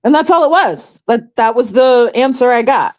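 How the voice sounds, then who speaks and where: A woman's voice: fairly high pitch, animated, moderate pace, rough recording. A middle-aged woman with a New York accent, talking frankly and swearing in a casual chat.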